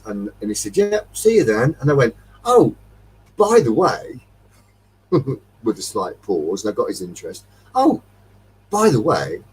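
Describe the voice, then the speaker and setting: A man's voice: mid-range voice, darkish tone, slightly rough, distant mic, low-quality recording. Rambling, tipsy Derbyshire man telling a story. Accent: English Midlands. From Derbyshire, England. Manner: rambling, chuckling anecdotes, acting out dialogue. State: tipsy after a few beers. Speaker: metal detecting chat host. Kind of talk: casual storytelling chat.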